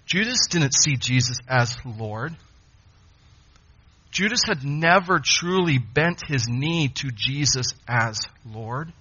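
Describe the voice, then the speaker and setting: A man preaching a sermon, emphatic, with dramatic pauses. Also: mid-range voice, lively intonation, sharp tone, slightly rough, muffled recording.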